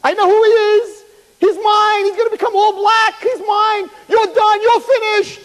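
A man voicing a cruel, mocking male demon angel in a high, shrill, taunting voice. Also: steady tone, normal speed, fairly bright tone. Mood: gloating. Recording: echoey hall.

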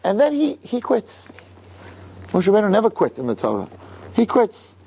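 A man teaching a Torah class, emphatic and animated, repeating words and firing off rhetorical questions. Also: high voice, brisk, gravelly, slightly rough.

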